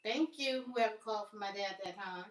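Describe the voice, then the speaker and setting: A woman's voice: mid-range voice, normal speed, distant mic. Chatty woman, roomy and off-mic. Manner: chatty, self-amused, laughs at own jokes. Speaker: live streamer. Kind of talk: casual live-stream chat.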